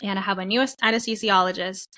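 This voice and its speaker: A woman's voice: mid-range voice, fast talker. A young woman co-hosting a podcast, casually telling a personal story and acting out what people said. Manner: animated storytelling, acts out quotes. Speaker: podcast co-host. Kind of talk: casual chat, telling her birth story.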